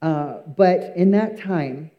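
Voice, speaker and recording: High-voiced man giving an earnest testimony. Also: takes it slowly, dull audio. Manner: earnest, emphatic storytelling with frequent fillers. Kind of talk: church testimony.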